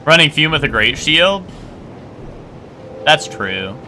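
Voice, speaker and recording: A man's voice: a little high, very animated, slow pace, pushed and bright, a little hiss or hum. A man streaming a game and chatting casually, rambling and playfully arguing with his chat. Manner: rambling, self-correcting, argues playfully with chat. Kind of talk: casual live-stream chat while gaming.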